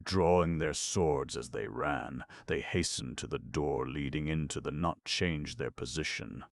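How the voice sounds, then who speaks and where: Very deep, gravelly male narrator. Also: unhurried, no echo. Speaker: audiobook narrator. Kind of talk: scripted narration.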